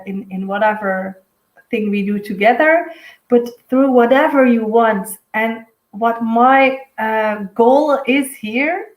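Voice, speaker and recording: A woman with a Dutch accent, a native Dutch speaker, giving a live spiritual reading in a dreamy, halting way with many fillers. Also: on the high side, roomy sound, poor audio. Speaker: intuitive medium giving a weekly reading. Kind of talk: live-streamed spiritual reading, casual chat.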